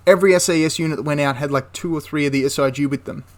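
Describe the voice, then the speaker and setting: Rambling male history storyteller, higher voice. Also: fairly even intonation, racing. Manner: rambling, with frequent restarts and asides. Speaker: history channel host.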